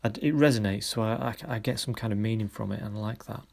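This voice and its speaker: Low-voiced man praising photography work. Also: vocal fry, a little mellow. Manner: encouraging, halting with many pauses. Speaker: photography workshop leader. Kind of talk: recorded feedback on students' photos.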